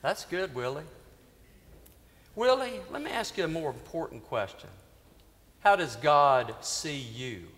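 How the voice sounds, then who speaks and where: A man voicing a kindly streetwise male priest who speaks gently and teases like a father. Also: fairly high pitch, sing-song, unhurried, pauses often. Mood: gentle. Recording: reverberant church hall.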